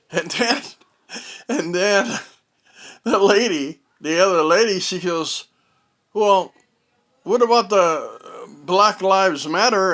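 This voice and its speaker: Speaking from indoors at home, a man rambles through a story in a casual monologue. His voice is slightly high and a bit bright, and he talks slowly, halting often with fillers and restarted phrases.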